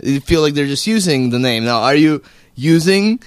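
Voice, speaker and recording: Playful high-voiced man host. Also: animated, normal speed, clear, resonant tone, no echo, studio quality. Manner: playful, teasing, talks in restarts. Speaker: radio host. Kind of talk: casual joking banter.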